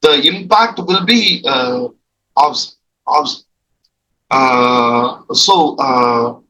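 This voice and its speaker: A man's voice: medium pitch, drawn-out words, pushed and bright, low-quality recording. A man with an Indian English accent leading an online group training, explaining step by step and repeating his thanks. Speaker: NLP trainer.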